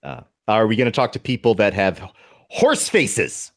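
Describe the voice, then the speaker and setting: A man's voice: lowish voice, big pitch swings, normal speed, vocal fry. A man co-hosting a podcast in a jokey, playful casual chat. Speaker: podcast co-host.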